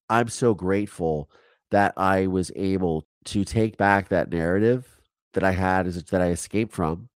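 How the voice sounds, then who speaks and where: A man's voice: fairly low pitch, darkish tone, dry recording. A man as an interview guest, talking candidly and animatedly in a casual conversation over a remote call, with frequent restarts and swearing.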